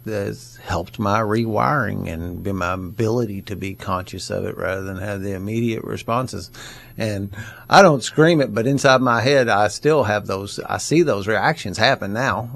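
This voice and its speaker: A man co-hosting a recovery podcast, speaking reflectively and haltingly, with many pauses and fillers. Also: lowish voice, vocal fry. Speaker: podcast co-host. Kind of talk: casual recovery podcast talk.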